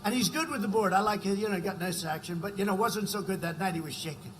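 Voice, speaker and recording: A man in his seventies giving a rambling campaign rally speech from a podium mic, full of conversational asides and sudden shouted lines. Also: high-pitched, fast, slight background noise, rough recording. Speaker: political rally speaker. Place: political rally.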